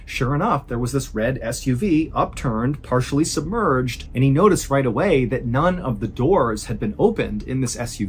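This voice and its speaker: A man hosting and narrating true scary stories in a suspenseful, conversational way, slowing down for emphasis. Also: mid-range voice, slight background noise. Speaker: storyteller host. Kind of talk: dramatic true-story narration.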